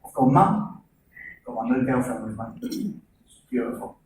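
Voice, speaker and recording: A man's voice: medium pitch, very animated, normal speed, a little mellow. A man, doing rambling stand-up comedy and teasing audience members by name. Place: live comedy venue with audience laughter. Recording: echoey venue, distant mic, noisy audience.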